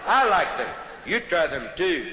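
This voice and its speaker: A comedian voicing a boastful male athlete who pitches cigarettes in a slow drawl. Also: sing-song. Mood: smug pitchman. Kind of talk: stand-up character bit. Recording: roomy live hall recording, noisy.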